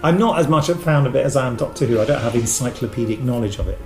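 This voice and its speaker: A man with a gravelly, mid-pitched voice chats on a casual podcast, spinning anecdotes and acting out the people he quotes. He sounds like he is recorded in an echoey room. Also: fast, music in the background. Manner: chatty anecdotes, animated quoting of others. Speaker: guest, voice actor.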